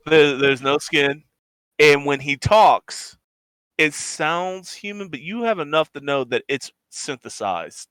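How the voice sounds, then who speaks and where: Guy running a tabletop game, bright clean voice, dry sound. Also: fairly high pitch, expressive, slow, clear, resonant tone, no echo. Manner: rambling, descriptive narration. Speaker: game master.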